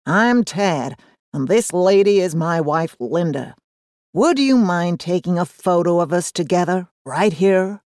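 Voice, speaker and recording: A woman's voice: lowish voice, animated, measured pace, a little mellow, no room sound, clean studio sound. A woman voicing a stout, friendly American male tourist with a drawling American accent, polite and upbeat.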